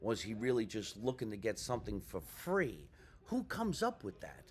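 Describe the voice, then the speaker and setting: A male comedian with a lowish voice and huge pitch swings hosts a podcast from a ship lounge before a show, speaking at a moderate pace. He chats enthusiastically in a casual way and asks his guest questions.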